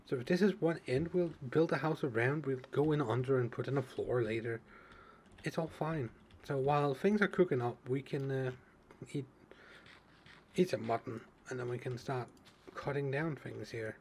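A man's voice: medium pitch, moderate pace, a little mellow, slight background noise. A man casually narrating his own survival gameplay, thinking aloud with many fillers and restarts. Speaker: let's play gamer. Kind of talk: casual game commentary.

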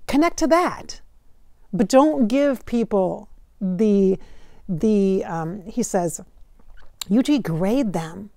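Mellow-voiced woman relaying channeled messages. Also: mid-range voice, no room sound, clean studio sound. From Minnesota, United States. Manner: relays messages in quotes, chatty, laughs often, slows for emphasis. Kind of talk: casual spiritual channeling talk.

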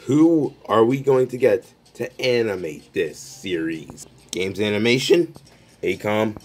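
A man talks through an unscripted comedy sketch, trading jabs as if several voices share the conversation. His voice sits low, and he takes his time with every line. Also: expressive, slow pace. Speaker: creator of an improvised comedy skit.

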